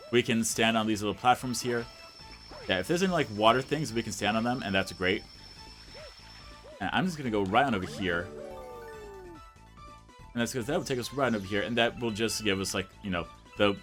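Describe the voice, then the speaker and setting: A young man with a lowish voice chatting loosely over his gameplay, rambling as he goes and filling nearly every sentence with "like". It is relaxed let's play commentary with faint game music under him.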